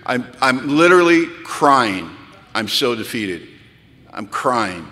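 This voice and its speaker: Animated man telling stories in a hall. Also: slow pace. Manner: animated, self-mocking, builds to high-pitched punchlines. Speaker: speaker sharing recovery story. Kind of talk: storytelling talk to a live audience. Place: large hall at a retreat. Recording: long reverb of a hall.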